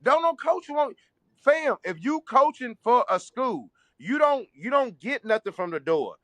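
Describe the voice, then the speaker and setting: A man's voice: very high-pitched, big pitch swings, measured pace, a bit bright, no room sound. A man co-hosting a podcast, arguing heatedly in slangy casual chat and repeating his lines. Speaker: podcast co-host.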